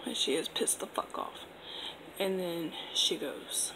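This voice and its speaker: Vocal-fry young woman rambling casually. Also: lowish voice, expressive, a little slow, pushed and bright, in a whisper, poor audio. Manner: rambling, filler-heavy, laid-back. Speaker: vlogger. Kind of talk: casual storytime monologue.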